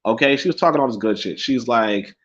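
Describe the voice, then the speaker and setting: A young man hosts a casual livestream, rambling, swearing freely, repeating himself, and laughing often. His voice is medium-pitched and brisk, and the stream audio is dull and lo-fi.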